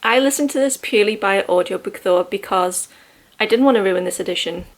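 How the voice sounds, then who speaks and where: A woman's voice: mid-range voice, a little fast. Woman vlogger, casual and self-deprecating book review talk. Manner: chatty, self-deprecating, laughs often.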